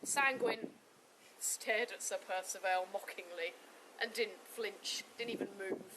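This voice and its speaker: A woman narrating a folk tale in a lively, expressive way. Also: medium pitch, a little slow, background noise. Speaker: storyteller. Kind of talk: live storytelling narration.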